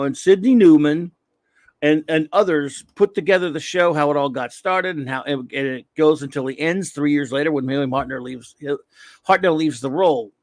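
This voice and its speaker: A man's voice: a little high, no echo. A man hosting a show, talking casually as a fan, rambling with many restarts and fillers. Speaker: show host. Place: home room at night.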